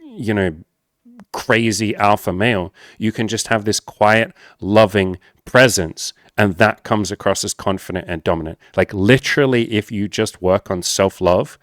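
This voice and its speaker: Male dating coach, low voice, frank and sweary, talks straight to camera; dry recording. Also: a little slow, a bit bright, no echo. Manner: candid and blunt, swears freely; addresses viewers as guys. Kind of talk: casual talk to camera.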